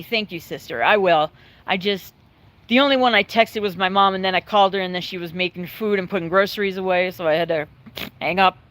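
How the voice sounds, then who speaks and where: A woman chatting casually to her viewers from home, rambling and candid, swearing freely, emotional yet calm. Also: mid-range voice. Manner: emotional but calm, choked up at times. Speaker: livestreaming vlogger. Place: at home, dogs in the yard nearby.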